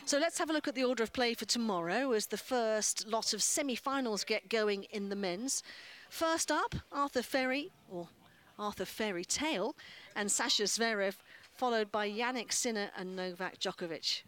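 A woman presenter with a slightly high, very animated voice. She moves through the schedule in a breezy, playful way. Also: normal speed. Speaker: sports presenter. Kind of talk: broadcast presenting.

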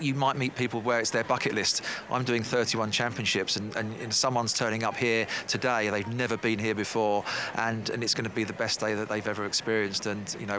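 Bright-voiced man interviewed outdoors. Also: on the low side, slight background noise. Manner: earnest, reflective. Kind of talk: casual interview.

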